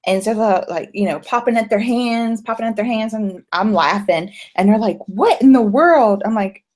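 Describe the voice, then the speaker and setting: A woman's voice: mid-range voice, normal speed. Author lady from florida, casual chat, friendly, tells little stories. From Pensacola, Florida. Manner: friendly, storytelling with lively quoted voices. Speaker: author, interview guest.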